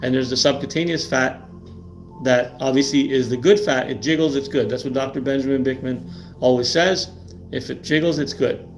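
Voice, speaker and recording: Soft background music plays as a middle-aged man hosts a health livestream in a medium-pitched voice with fairly even intonation at normal speed. He's emphatic, repeats words, and often tacks "right?" onto his lines.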